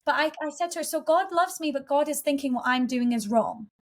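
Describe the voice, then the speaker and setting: Woman podcast guest, higher voice, earnest and heartfelt personal storytelling. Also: a little fast. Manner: earnest, heartfelt, with frequent restarts.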